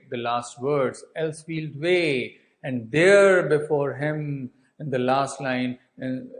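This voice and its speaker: A man's voice: a little high, rough recording. A man teaching English with an Indian accent, walking students through a story and answering his own questions. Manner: asks rhetorical questions and answers them. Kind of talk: explaining a textbook story to a class.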